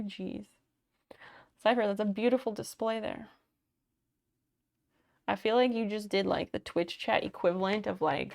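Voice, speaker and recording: A woman's voice: medium pitch, creaky. A woman streamer in casual live chat, thanking viewers by name, telling stories and swearing casually.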